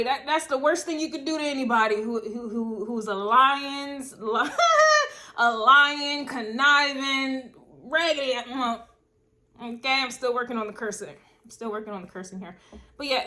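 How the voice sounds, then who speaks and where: A chatty woman gives a casual tarot reading. Her voice sits a little high. She talks to her viewers in a loose, playful way and fills the gaps with hums and asides. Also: moderate pace, bright, forceful tone. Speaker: tarot reader.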